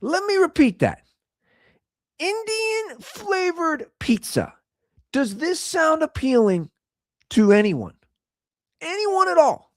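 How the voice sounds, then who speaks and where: A man's voice: measured pace, dry recording, clean studio sound. A man hosting his own show, telling a story as a casual comedic rant and repeating lines in disbelief for comic effect. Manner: animated storyteller, swings between loud and low. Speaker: podcast host.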